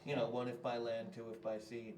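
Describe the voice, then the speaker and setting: A man playing a tabletop game, chiming in with quick, wry remarks. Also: mid-range voice, monotone, over a noisy crowd. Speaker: player. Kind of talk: casual tabletop play.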